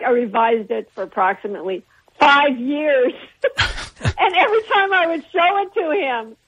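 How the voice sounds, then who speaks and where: An older woman, an artist being interviewed, tells anecdotes at rambling length, circling back, restarting sentences, and laughing often. Her somewhat high, slightly husky voice arrives over a narrow, tinny phone line during a radio broadcast.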